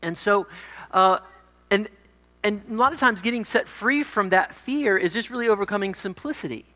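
Forties male pastor, bright, tense tone, casual storyteller in an echoey church hall. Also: sits high, lively intonation, moderate pace. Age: 40s. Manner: conversational, self-deprecating storytelling. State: recovering from a head injury. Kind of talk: sermon with a personal story.

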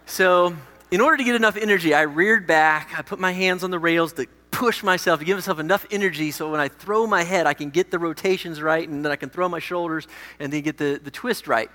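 Forties male pastor, bright, tense tone, casual storyteller in an echoey church hall. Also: high-pitched, moderate pace. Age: 40s. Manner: conversational, self-deprecating storytelling. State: recovering from a head injury. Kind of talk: sermon with a personal story.

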